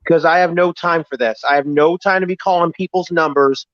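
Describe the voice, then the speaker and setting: A man's voice: on the high side, fairly even intonation, a little fast, a bit bright, dry recording. Defensive man on a lo-fi stream. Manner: defensive, repeats himself, explains his feelings. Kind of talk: heated live-stream argument. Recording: dry, dull lo-fi stream audio.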